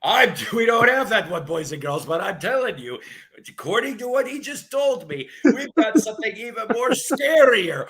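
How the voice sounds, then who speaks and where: A man putting on the voice of an excitable, loud children's TV host hyping up a scary feature. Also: sits high, pitched above the performer's own voice. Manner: loud, hammy, showman patter. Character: excitable male kids' TV host, middle-aged.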